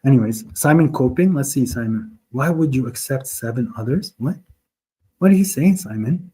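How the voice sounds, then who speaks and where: A man leads a live online religious discussion, mocking and arguing with chat viewers to their faces and interjecting Arabic verses. He sounds animated, with a mellow, husky mid-range voice at a moderate pace.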